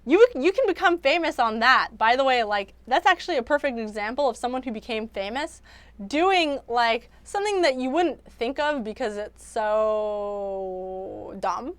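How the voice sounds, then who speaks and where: A woman's voice: fairly high pitch, expressive, normal speed, dry recording. A young woman hosting a livestream, chatting casually and rambling with lots of "like" and restarts. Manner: rambling, filler-heavy, many restarts. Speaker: livestream host.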